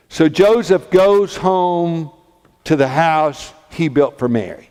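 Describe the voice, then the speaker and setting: A man's voice: on the high side, expressive, takes it slowly, darkish tone, clear, resonant tone, in a large hall. A man preaching a sermon, retelling a story dramatically and voicing the characters' words. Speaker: pastor.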